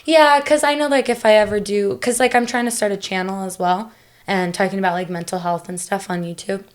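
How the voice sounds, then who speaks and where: A woman's voice: mid-range voice, fairly even intonation, a little fast. Chatty young woman, rambling and open. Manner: chatty, many fillers and restarts. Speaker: podcast guest. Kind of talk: casual conversational interview.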